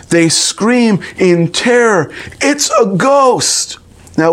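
Male pastor, sermon delivery, unhurried and earnest, slightly raised pitch. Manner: slow, earnest preaching with dramatic quoted lines.

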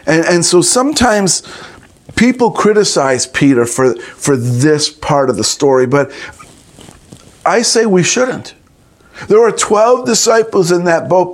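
Guy preaching a sermon, slow and earnest, kinda high voice, acts out the quotes. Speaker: pastor.

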